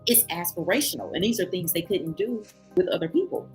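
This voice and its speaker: A woman's voice: lowish voice, brisk, faint music behind. A woman telling a travel story in a casual vlog, acting out other people's voices. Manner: animated, acts out other people's voices in quotes. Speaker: travel vlogger.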